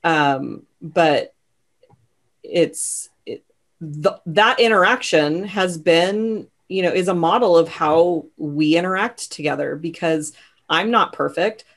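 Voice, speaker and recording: A woman's voice: lowish voice, slow pace. A woman in her thirties hosting an interview, chatting casually and telling a family story with a laugh in her voice. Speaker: host.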